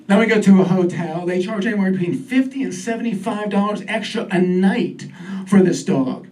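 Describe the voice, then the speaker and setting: Performing stand-up on a club stage, a man with a high-sitting, darkish voice at normal speed delivers a loose, self-deprecating set. A distant stage mic picks him up along with the crowd and its laughter.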